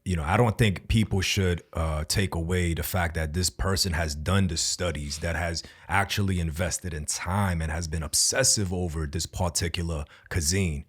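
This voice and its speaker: Relaxed and full of slang, this man hosting a podcast keeps the conversation casual and breaks into frequent laughter. He speaks with a low, slightly rough voice at a moderate pace, pausing little.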